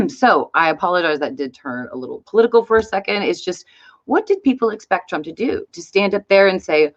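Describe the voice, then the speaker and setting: Chatty woman vlogger, lively pitch. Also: brisk. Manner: chatty, swears freely, animated retelling. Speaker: YouTube host. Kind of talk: casual vlog storytelling. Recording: slightly dull lo-fi sound.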